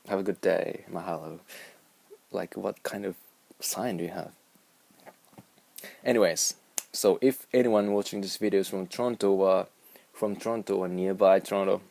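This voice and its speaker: A man's voice: on the low side, gravelly, a little mellow. A young man with a Japanese accent, rambling and musing aloud in a casual vlog. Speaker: vlogger.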